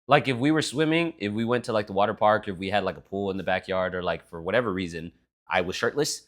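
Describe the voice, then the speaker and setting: A man's voice: fairly low pitch, fast talker. A young man co-hosting a podcast, telling stories in casual chat with lots of swearing and acting out other people's lines. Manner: animated storytelling with lots of swearing; acts out his dad's lines in quoted voices. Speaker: podcast co-host.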